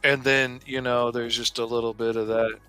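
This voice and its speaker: A man's voice: mid-range voice, little pitch movement, moderate pace, pushed and bright, clear, resonant tone, faint music behind. A middle-aged man, chatting easygoing on a livestream, full of "you know"s. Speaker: artist co-host. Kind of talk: casual chat on a livestream.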